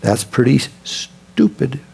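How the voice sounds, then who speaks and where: A man preaching a sermon as pastor, telling stories in an animated way, acting out scenes and dropping to a soft voice for emphasis. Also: mid-range voice, slow, vocal fry, slightly rough. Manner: drops to a soft, quiet voice for emphasis.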